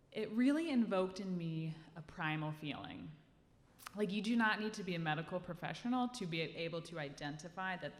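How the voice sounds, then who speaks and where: A woman telling a personal story live on stage into a handheld mic, animated and acting out the scene for the audience. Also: lowish voice. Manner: lively, animated, acts out the scene. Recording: live hall reverb, faint room noise.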